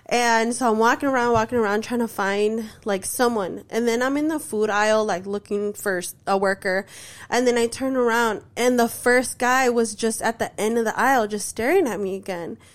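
A woman's voice: a little high, moderate pace. A woman telling a story in casual chat, filling her speech with "like" and acting out what others said. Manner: chatty, fills speech with "like", acts out quoted voices.

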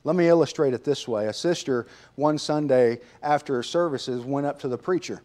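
A man's voice: mid-range voice, normal speed, a little mellow. A man teaching a sermon lesson in a conversational way, asking his listeners rhetorical questions. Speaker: preacher.

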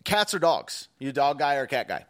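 Lively-pitched laid-back stream host man. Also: fairly quick. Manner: laid-back, says "dude" a lot, self-deprecating. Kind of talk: casual livestream interview.

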